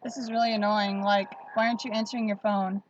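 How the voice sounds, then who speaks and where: A woman voicing an impatient, whiny young valley girl with a drawn-out drawl. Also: medium pitch, flat delivery, lo-fi sound, a little hiss or hum, natural voice. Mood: annoyed.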